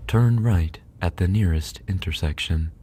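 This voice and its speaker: A man on an ASMR stream imitating a car GPS navigator, giving flat, bossy driving instructions. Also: sits low, a little slow, slight background noise. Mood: instructive. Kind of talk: ASMR livestream role-play.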